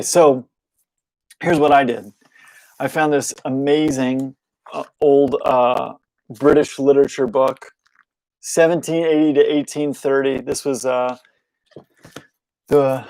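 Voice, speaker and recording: A man's voice: mid-range voice, vocal fry, a little mellow, no room sound, rough recording. A young man hosting a loose, unscripted show at home, rambling and correcting himself as he goes and chuckling often. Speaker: podcast host. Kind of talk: casual unscripted monologue. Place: home room, lit with a clamp light.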